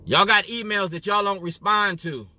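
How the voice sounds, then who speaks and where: A man's voice: sits high, moderate pace, sharp tone. A man from Illinois speaking straight to camera in an emphatic monologue. He keeps asking "you feel me?". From Waukegan area, Illinois, US. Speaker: activist.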